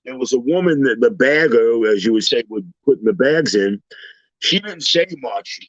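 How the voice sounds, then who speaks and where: Animated man telling stories, dull lo-fi sound. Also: mid-range voice, moderate pace, no room sound. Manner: animated storyteller, acts out quoted voices. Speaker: panel guest. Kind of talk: casual storytelling chat.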